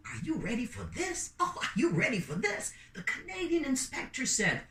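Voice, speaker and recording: A woman telling a story in an animated, playful way, calling out to her listeners. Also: mid-range voice, moderate pace, distant mic. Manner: lively, playful, calls out to listeners. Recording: roomy sound from away from the mic.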